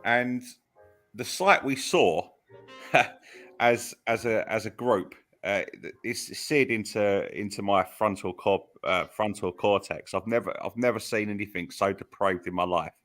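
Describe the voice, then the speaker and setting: A man's voice: fairly low pitch, a little slow, a bit bright, faint music behind. A man on a podcast telling a long rambling story in casual chat, full of restarts and fillers. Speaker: podcast co-host.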